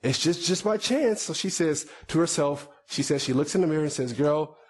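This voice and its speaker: Man in the pulpit, somewhat high voice, chatty sermon with side notes. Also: expressive, brisk, darkish tone, slightly rough. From United States. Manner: conversational preaching with repetitions and asides. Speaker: pastor.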